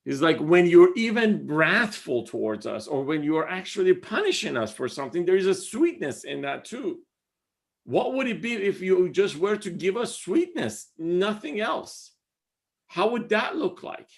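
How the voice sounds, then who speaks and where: A man's voice: high voice, big pitch swings, unhurried, creaky. A man teaching a class in a casual style, reading out lines of verse and then paraphrasing them conversationally. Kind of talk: casual class explaining poetry.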